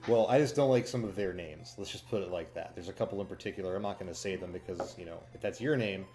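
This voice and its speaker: A man casually reviewing a show, chatty and cynical, with frequent fillers, breaking into quick impressions of lines he quotes. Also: sits low, music in the background.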